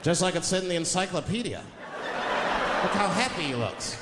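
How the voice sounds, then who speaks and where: A man performing a stand-up routine, telling an animated story and acting out the quotes. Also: high-pitched, a little fast. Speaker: stand-up comedian. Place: comedy stage before a live audience. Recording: live stage with reverb and noisy crowd.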